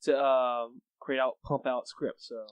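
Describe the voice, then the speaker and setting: A man's voice: mid-range voice, flat delivery, unhurried, smooth, no room sound. A young man co-hosting a casual podcast, trading dry, easygoing banter. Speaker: podcast co-host. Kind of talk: casual chat.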